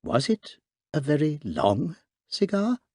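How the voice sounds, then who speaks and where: A man's voice: on the high side, wildly swooping pitch, slow pace, a little mellow, dry recording, clean studio sound, voice pushed up, heavily acted. A man reading aloud, voicing a short, genial, modest priest who sounds mild and innocent. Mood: mild, curious.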